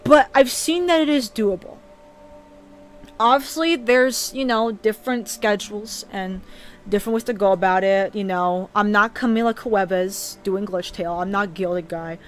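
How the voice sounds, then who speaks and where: A woman's voice: medium pitch, normal speed, faint music behind. A young woman streamer chatting casually and earnestly about her dreams, often stumbling and restarting her sentences, growing teary. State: teary and emotional. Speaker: streamer and animator. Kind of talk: casual live-stream chat.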